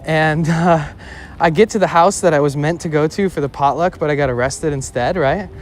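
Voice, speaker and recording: A man's voice: a little high, moderate pace, slight background noise. A man in his twenties telling a personal story in a casual, rambling way, swearing and saying "like" often while streaming outdoors on a city street. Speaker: IRL streamer.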